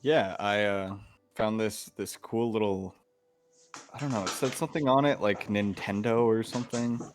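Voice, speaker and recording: A man's voice: on the low side, normal speed, a little hiss or hum. A man playing in a tabletop role-playing game, jokey and offhand. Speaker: player. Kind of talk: casual in-character play.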